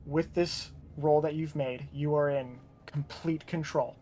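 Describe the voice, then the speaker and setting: Man, game master, slightly high voice, casual narration, relaxed swearing. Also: measured pace.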